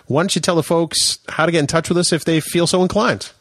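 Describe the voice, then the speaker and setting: A man co-hosting a podcast in casual, joking chat, often pausing with fillers. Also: on the high side, no room sound. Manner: relaxed, joking, hesitant with fillers. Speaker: podcast co-host.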